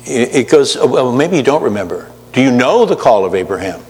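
A man's voice: medium pitch, big pitch swings, fairly quick, big-room sound. A man preaching a sermon to his congregation, chatty, with teasing asides to the pews. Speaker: pastor.

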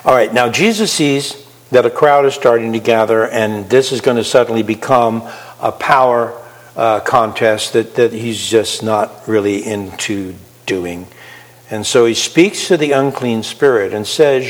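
A man's voice: medium pitch, a little slow, in a large hall, poor audio. A man preaching a sermon, asking his listeners questions as he explains a Bible passage. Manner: animated, asks the audience questions.

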